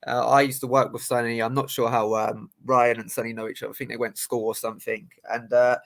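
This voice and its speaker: A man co-hosting a podcast, talking in a relaxed, easygoing way. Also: mid-range voice, fast talker, creaky. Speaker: podcast co-host and boxer. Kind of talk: casual chat.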